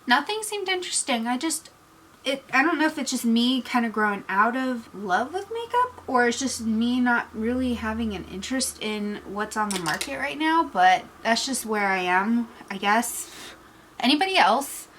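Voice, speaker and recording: A woman chatting casually in a get-ready-with-me vlog, candid and reflective, teary-eyed, trailing off into pauses. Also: a little high, animated, fairly bright tone, a little hiss or hum, low-quality recording. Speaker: beauty vlogger.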